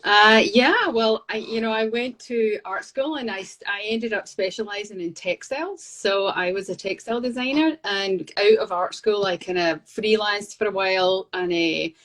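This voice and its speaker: A woman in her fifties with a softened Scottish accent, a guest artist telling her story in a chatty, laughing way over a video call from her studio. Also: medium pitch, moderate pace, hardly any pauses. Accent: Scottish, slightly softened. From Scotland. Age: 50s. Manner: chatty, laughs between anecdotes. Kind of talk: casual storytelling chat. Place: home art studio.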